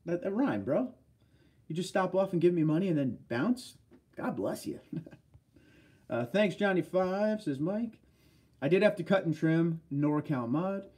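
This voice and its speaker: A man's voice: sits high, lively intonation, a little slow, pauses often, husky. Friendly man reading out chat comments. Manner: chatty, friendly, shouts out viewers by name. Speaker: livestream host. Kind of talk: casual livestream chat reading viewer comments.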